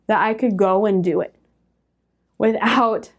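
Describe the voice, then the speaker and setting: A young woman telling a personal story as a guest on a faith-based round table, lively, with laughs and quoted voices. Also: medium pitch, measured pace. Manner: animated storyteller, laughs often, acts out quoted speech.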